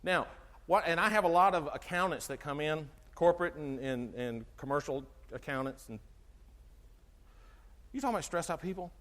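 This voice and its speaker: A middle-aged man giving an animated health talk to an audience, asking them questions and acting out conversations. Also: a little high, normal speed. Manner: animated, asks the audience questions, acts out dialogue. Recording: long hall reverb from a live talk.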